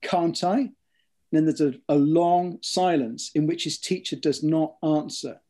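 An author speaks in a thoughtful interview with a slightly raised pitch and a mellow, soft tone. He tells his stories in a measured way and often restarts with ums and repeated words.

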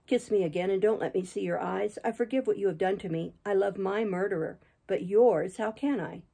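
A woman's voice: mid-range voice, a little fast, vocal fry, mellow, breathy edge. A woman reading an anguished, passionate young man, voicing a fierce lover with intense, reproachful words.

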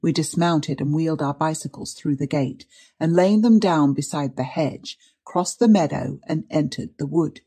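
A woman narrates an old mystery in a measured, dramatic reading. Her voice is low and dark with a husky grain. The pacing is steady and deliberate. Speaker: audiobook reader. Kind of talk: scripted narration.

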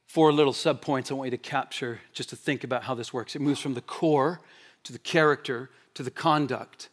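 A male pastor preaching a sermon, building through emphatic repeated rhetorical questions and dropping into low, quiet stretches to make his points. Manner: shifts between loud proclaiming and low quiet stretches.

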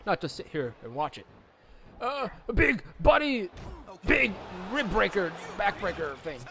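A man's voice: high-pitched, big pitch swings, measured pace, pushed and bright, slight background noise. A young man commentating a wrestling video game casually, rambling and joking and slipping into mock play-by-play calls. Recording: echoey room, game music behind.

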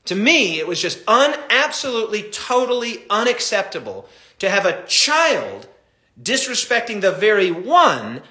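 A middle-aged man, a pastor, teaching a Bible study in an animated, impassioned way. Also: high voice, unhurried, roomy sound.

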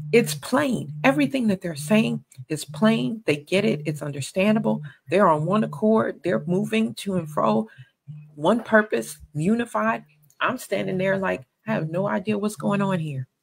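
A woman's voice: mid-range voice, vocal fry, husky, poor audio. A woman giving a sermon-style Bible teaching, earnest and conversational, with emphatic stresses.

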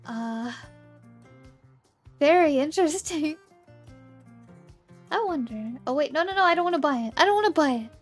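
High-pitched young woman streaming, bubbly and giggly, soft music underneath. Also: expressive, slow, long pauses. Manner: bubbly, giggly, chatting to viewers. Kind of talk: casual game livestream chat.

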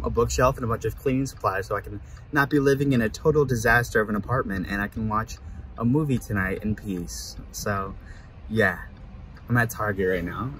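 A man's voice: on the low side, fairly quick, fairly bright tone, faint music behind. A young man from Michigan, a vlogger and actor, chatting casually to camera in a self-deprecating way and laughing often. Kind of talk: casual vlog chat to camera.

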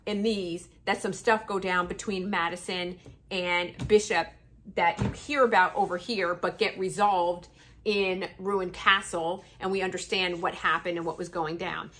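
A woman's voice: on the low side, fairly even intonation, a little slow, a bit bright, a little hiss or hum. A woman chatting casually and enthusiastically about a book series in a review vlog.

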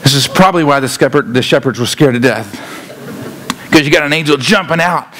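A male pastor preaching a sermon, animated and often repeating words as he acts out scenes. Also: mid-range voice, brisk, heavy background noise.

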